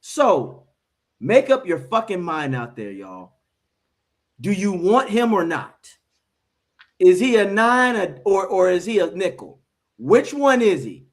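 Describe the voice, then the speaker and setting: A man's voice: high-pitched, sing-song, slow pace, long pauses. An American man hosting a fan sports talk show, brash, hyped and profane. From United States. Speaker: show host.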